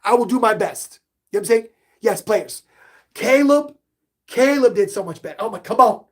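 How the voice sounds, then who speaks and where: A man's voice: sits high, normal speed. A middle-aged man hosting a live sports podcast stream, reading chat questions aloud and getting hyped up. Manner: animated, hypes himself up, reads chat questions aloud.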